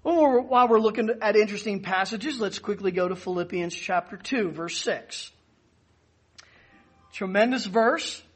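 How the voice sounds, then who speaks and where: A man's voice: high-pitched, moderate pace, breathy edge. A man preaching a sermon as pastor, teaching emphatically and stressing key words.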